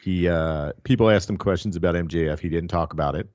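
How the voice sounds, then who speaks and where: Low-voiced guy on a podcast, swears a lot, rambly and sarcastic, dry muffled sound. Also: fast, darkish tone, no echo. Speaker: podcast co-host. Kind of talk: casual wrestling podcast chat.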